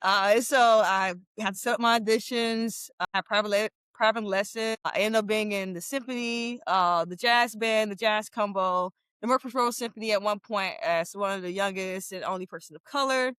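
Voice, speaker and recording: Young woman from memphis telling stories on a podcast, smooth clear voice, dry sound. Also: medium pitch, moderate pace, few pauses, dry recording. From Memphis, USA. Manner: lively storyteller with frequent laughs. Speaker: guest, former football captain. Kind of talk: casual interview talk.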